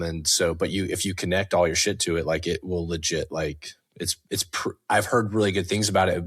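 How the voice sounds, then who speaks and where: A man co-hosts a podcast in relaxed chat. He explains things loosely and hedges often. His voice sits very low. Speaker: podcast co-host. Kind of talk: casual chat.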